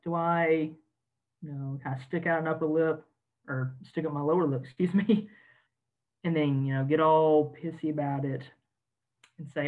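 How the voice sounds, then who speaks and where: A man, an army officer guest, talking in a casual podcast discussion in an earnest, measured way, with frequent ums and self-corrections. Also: on the high side. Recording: tinny phone-like line.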